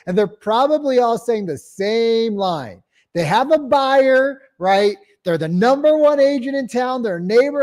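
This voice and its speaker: This energetic real estate sales trainer has a very high voice and keeps a measured pace. He dramatizes calls and clients, dropping casual swear words along the way.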